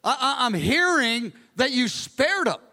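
A man with a high, bright voice preaches animatedly, slipping into casual asides. His voice carries through a large hall with a long reverb tail. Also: unhurried, creaky. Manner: animated, acts out the characters, conversational asides. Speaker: pastor. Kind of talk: sermon.

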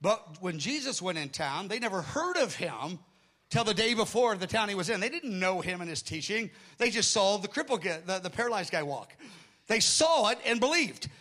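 A middle-aged man delivers a storytelling sermon in a slightly higher-than-usual male voice. He is animated, acting out the people in his story. He often drifts into rambling asides and corrects himself mid-sentence. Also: moderate pace. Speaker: preacher.

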